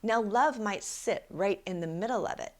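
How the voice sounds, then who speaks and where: A woman's voice: mid-range voice, normal speed. A woman life coach hosting a podcast, telling a personal story and giving relationship advice in an emphatic, conversational way, often asking "right?". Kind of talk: solo podcast talk.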